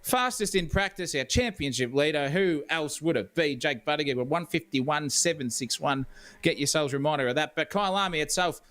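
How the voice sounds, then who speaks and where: Australian man, co-commentator, rambling and jokey, slightly high voice. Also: a little fast, fairly bright tone. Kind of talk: live esports commentary.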